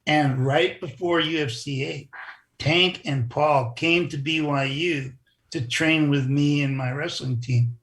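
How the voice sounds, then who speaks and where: Slow, gravelly older man. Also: on the high side, fairly even intonation, a bit bright. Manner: rambling, restarts, chuckles. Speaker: interview guest, former wrestler. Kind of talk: casual storytelling interview.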